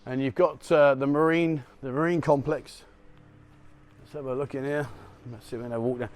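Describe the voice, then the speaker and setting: A man's voice: medium pitch, steady tone, fairly quick. A middle-aged man, a vlogger, chatting and joking as he walks outdoors along a city street at dawn, recorded on a handheld camera. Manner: chatty, joking, chuckles at his own remarks. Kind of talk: walk-and-talk street vlog.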